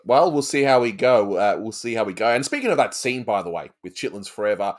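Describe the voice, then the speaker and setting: A man's voice: on the low side, big pitch swings, fast. A man hosting a casual cartoon review chat, talking loosely with fillers. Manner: chatty, many fillers and laughs. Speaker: host.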